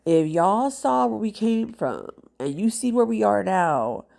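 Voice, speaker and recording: A woman's voice: medium pitch, very animated, unhurried, vocal fry, a little mellow. A woman, a mother, talking casually and heartfelt to camera as a nail vlogger, rambling with many fillers and sounding congested. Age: adult with children.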